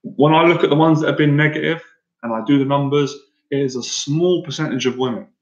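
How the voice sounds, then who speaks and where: A man's voice: on the high side, brisk. A man speaking earnestly and emotionally in a live-stream monologue, often stumbling and repeating himself as a coach. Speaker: dating and anxiety coach. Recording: roomy, dull lo-fi sound.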